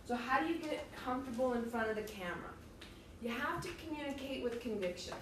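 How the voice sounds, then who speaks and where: A woman's voice: fairly high pitch, background noise. A woman teacher giving a direct, emphatic classroom lecture, explaining things to her students step by step. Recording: echoey room, faint ambience.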